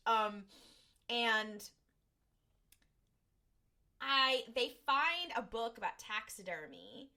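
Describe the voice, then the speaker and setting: A podcast co-host with a medium-pitched, sharp-toned voice speaks slowly and pauses often. She rambles through a casual recap of an episode, using lots of "like" and "um" and acting out lines.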